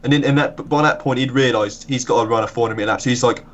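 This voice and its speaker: Brief: young guy, rapid-fire delivery, laddish storyteller, light background hiss. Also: mid-range voice, dull audio. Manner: quick profane storytelling. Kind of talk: casual chat while gaming.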